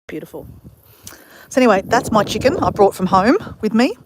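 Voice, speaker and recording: A woman's voice: medium pitch, lively intonation, a little fast, noisy background. An Australian woman chatting upbeat to her live-stream viewers from a backyard. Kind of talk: casual live-stream chat. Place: outdoors in a backyard with chickens.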